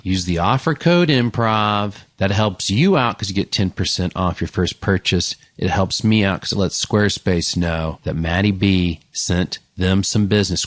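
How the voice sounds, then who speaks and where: A man hosting a comedy podcast and doing a fast, excitable, chatty ad read into a studio mic. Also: deep voice, dry recording. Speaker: podcast host.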